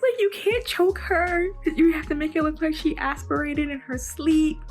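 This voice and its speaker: A woman's voice: high voice, normal speed, faint music behind. A young woman vlogging casually about a book, reacting dramatically and in disbelief to the plot. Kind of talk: casual chat.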